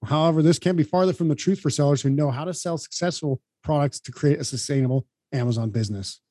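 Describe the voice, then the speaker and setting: A man co-hosting a podcast, giving upbeat, brisk advice in casual explanatory talk. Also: fairly high pitch, mellow, no room sound, clean studio sound. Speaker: podcast co-host.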